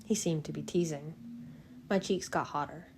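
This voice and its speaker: A woman reading a novel aloud in the first person, in a steady, unhurried way. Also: deep voice, noisy background. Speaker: fan audiobook reader.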